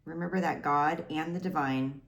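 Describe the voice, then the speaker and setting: A woman in her thirties gives a heartfelt spiritual talk in a low-pitched voice. She is tearful and close to crying, yet stays gentle and reassuring, circling back to the same kind phrases. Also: steady tone, moderate pace, gravelly. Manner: gentle, reassuring, repeats herself. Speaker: tarot reader.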